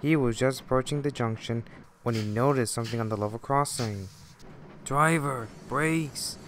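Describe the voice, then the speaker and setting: A man reading a fan-made children's-style railway story as narrator, in a steady, plain storytelling manner. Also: mid-range voice, fairly quick, slight background noise. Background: faint music.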